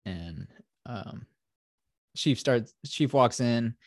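A man's voice: mid-range voice, lively intonation, drawn-out words. A man hosting a podcast, casually retelling a movie in a rambling, profane way full of fillers. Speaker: podcast host.

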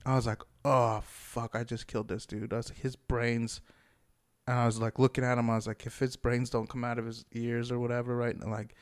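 A man's voice: medium pitch, little pitch movement, brisk. A man, a former Marine, telling a story in a casual, rambling way, swearing often and laughing as he goes.

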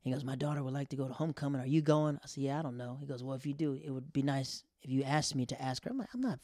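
Animated man telling a story, dry close mic. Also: rapid-fire, hardly any pauses, dry recording. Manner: animated, acts out quotes with sudden loud high bursts; drops to a near whisper for embarrassed asides. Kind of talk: casual storytelling.

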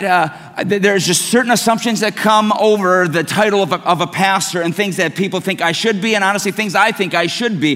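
High, bright-voiced pastor preaching. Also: male voice. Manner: conversational storytelling, self-mocking. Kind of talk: sermon. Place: church sanctuary. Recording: long reverb of a church hall.

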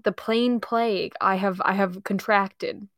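Sick woman cohost, teasing banter, mid pitch, dry sound. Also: fairly even intonation, measured pace, fairly bright tone, no echo. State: sick with a cold. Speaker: podcast co-host. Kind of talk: casual podcast chat.

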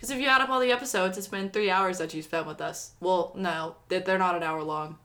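A woman's voice: lowish voice, a little fast. A young woman, co-hosting a podcast, talking expressively with lots of swearing and "like". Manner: expressive, swears a lot, fillers like "like". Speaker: podcast co-host. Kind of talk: casual chat.

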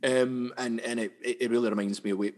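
A young Scottish man, a sketch comedian, chats freely as an interview guest and often stumbles and repeats himself. His voice sits at an ordinary pitch. It rings out with a long hall reverb. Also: steady tone, fast, a little mellow. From Scotland, West Coast. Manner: chatty, repeats words and restarts often. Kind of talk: casual interview chat.

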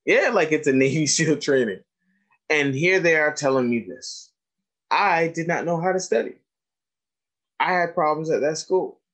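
A man's voice: a little high, normal speed, pauses often, poor audio. A man giving a lecture to teachers, telling stories and acting out the dialogue. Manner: animated storyteller acting out dialogue. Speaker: educator giving a talk on trauma.

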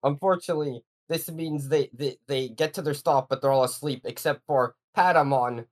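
A podcast co-host with a middle-pitched voice, retelling scenes in casual chat. Speech is full of "like" fillers and swearing. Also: normal speed. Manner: many fillers, swears, acts out quotes. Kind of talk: casual chat recapping a cartoon.

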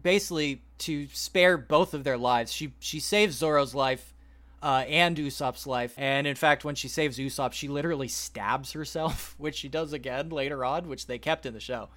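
A man on a podcast, retelling a story at length in a rambling, animated way and quoting the characters as he goes. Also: medium pitch, moderate pace. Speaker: podcast host. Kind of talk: casual podcast chat, retelling a plot.

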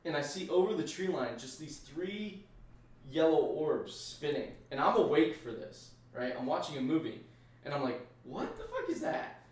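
A man's voice: fairly high pitch, moderate pace, a little mellow. Casting: male podcast co-host, rambling and profane storyteller, distant mic, very echoey room. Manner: profane, rambling, acts out his own reactions. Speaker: podcast co-host, Army veteran. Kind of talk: casual storytelling.

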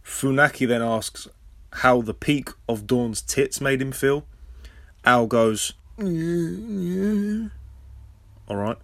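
An English man hosting a casual podcast recap, sarcastic and swearing freely, with sudden loud high outbursts. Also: steady tone, takes it slowly, dry recording, studio quality. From England. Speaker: podcast host.

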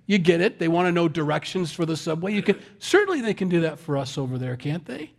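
A man's voice: a little high, very animated, fast, gravelly. A man preaching a sermon in a conversational, folksy way, with self-deprecating asides. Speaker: pastor.

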